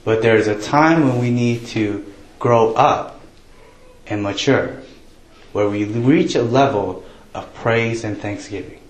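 A man delivering a sermon in a chatty, joking way, his voice sitting in a middle pitch. He acts out people's prayers in a raised voice. The sound carries a roomy echo, as if from a church hall. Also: takes it slowly. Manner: conversational, jokey, quotes prayers in raised voice. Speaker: pastor.

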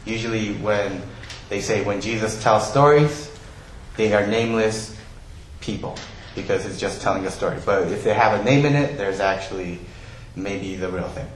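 A man preaching a sermon, telling Bible stories in a lively way and acting out the characters' lines. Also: fairly low pitch, normal speed, slight background noise. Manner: animated storytelling, acts out quoted voices. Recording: very echoey hall, faint ambience.

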